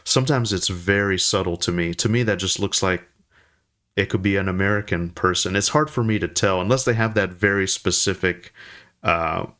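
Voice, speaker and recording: A male podcast host in a casual conversation, halting often and searching for words. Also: sits low, bright, forceful tone.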